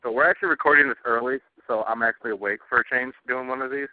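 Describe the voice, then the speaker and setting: Talking very fast in a steady, medium-pitched voice, a podcast co-host rants about television in casual chat. He's cranky and curses a lot, and the recording is dry and tinny like a phone line.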